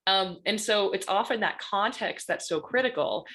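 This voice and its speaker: A woman gives a presentation as a guest speaker. She talks in a lively, conversational way and keeps checking in with her listeners by asking "right?" after her points. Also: mid-range voice, normal speed. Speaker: guest panelist on stalking. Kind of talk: presentation talk.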